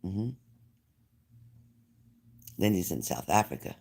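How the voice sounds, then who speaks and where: A man with a deep, husky voice, creaky and a little mellow, takes his time and sounds expressive as he hosts a livestream. He's from New Jersey and chats casually, reading viewers' comments aloud and answering them.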